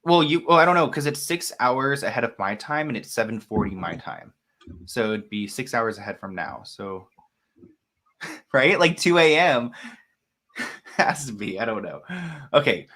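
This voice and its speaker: A man chats on a live stream in a loose, rambling way, full of fillers and shout-outs to viewers. His voice is bright and forceful, at an ordinary pitch. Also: lively intonation, unhurried, long pauses. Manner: chatty, rambling with fillers, greets viewers by name. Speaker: host. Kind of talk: casual live-stream chat.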